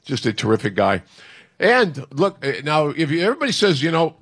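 A man in his sixties, a retiring sports talk radio host, speaking gruffly and with wisecracks on a live show. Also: fairly high pitch, sing-song, fairly quick, a bit bright.

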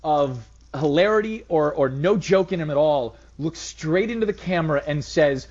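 A man's voice: a little high, expressive, moderate pace, hardly any pauses, a little mellow, dull audio. A man co-hosting a talk radio show, telling stories in a wry, incredulous way. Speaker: radio co-host. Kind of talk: casual talk radio chat.

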